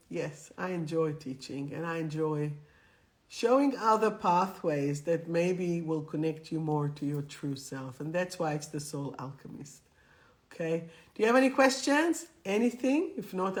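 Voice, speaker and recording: Middle-aged lady spiritual teacher on a live stream, chatty, gets viewers to repeat affirmations. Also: deep voice. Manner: chatty, leads affirmations, talks directly to viewers. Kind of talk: live-streamed guidance session.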